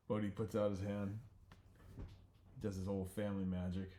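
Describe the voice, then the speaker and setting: A man casually retelling an animated scene he storyboarded, in a loose, relaxed way with offhand asides. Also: on the low side, moderate pace, a little hiss or hum. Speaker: storyboard artist. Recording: echoey room.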